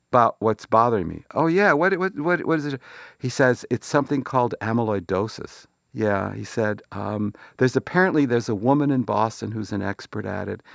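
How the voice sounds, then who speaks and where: Older man, deep gravelly voice, dry close mic, halting reflective storytelling. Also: dry recording. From Chicago. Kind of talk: personal storytelling.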